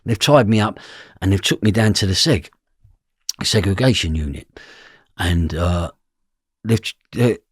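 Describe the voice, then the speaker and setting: A middle-aged podcast guest speaks in a low, husky voice at a measured pace, pausing often. His first-person story comes out intense and blunt, peppered with swearing and questions about whether you know what he means. Clean, dry studio recording.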